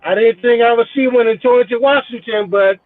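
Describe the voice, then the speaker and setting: Guest, male, very high voice, foul-mouthed storyteller, phone-quality dry line. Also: normal speed, no room sound. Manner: profane, animated, mimics people in quotes. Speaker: podcast guest. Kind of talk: casual storytelling.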